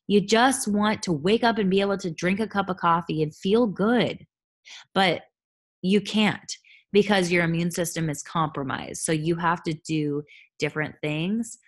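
A woman in her thirties, a holistic health coach, talking candidly and chattily on her own podcast. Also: lowish voice. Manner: candid, chatty, animated asides. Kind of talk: solo podcast monologue.

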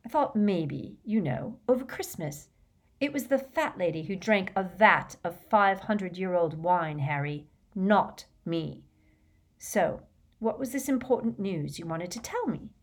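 A woman voicing a brisk, clever teenage girl in an audiobook, with quick, clipped, emphatic speech. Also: fairly low pitch, animated. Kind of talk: audiobook character voice.

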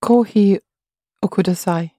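A woman student in a language class answers hesitantly, catching and fixing her own mistakes. Her voice is mellow and middle-pitched. The recording is dry and a little set back from the mic. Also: unhurried, dry recording. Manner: tentative, self-correcting.

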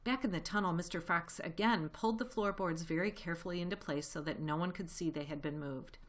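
A woman reading a children's novel aloud in a steady, expressive storytelling voice. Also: fairly low pitch, a little fast. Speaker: reader.

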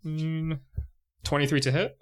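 A man's voice: fairly high pitch, little pitch movement, a little slow, background noise. A man playing a tabletop role-playing game, casually calling out his actions. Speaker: player.

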